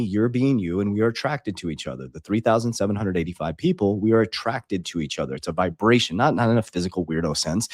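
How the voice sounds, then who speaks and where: A man's voice: fairly low pitch, no room sound, clean studio sound. A middle-aged man, an online coach, telling a personal story to his followers in a blunt, profane, rambling way with many restarts.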